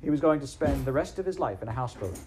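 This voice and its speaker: A hearty storybook water rat, cheerful and brisk, always glad of company, as a man reads him. The voice stays close to the reader's own, just a touch brighter and livelier. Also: medium pitch, lively intonation, noisy background, pitched above the performer's own voice, natural voice. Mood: exasperated.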